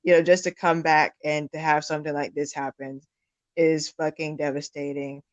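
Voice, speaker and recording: A woman's voice: low-pitched, flat delivery, moderate pace, dry recording, muffled recording. Blunt, heated woman sports talker. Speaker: podcast co-host. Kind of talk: casual sports talk.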